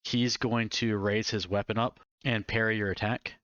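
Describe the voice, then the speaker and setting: A man running a tabletop game as dungeon master, calmly explaining rules and narrating enemy moves. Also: lowish voice, moderate pace, dry recording. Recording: dry, slightly dull mic.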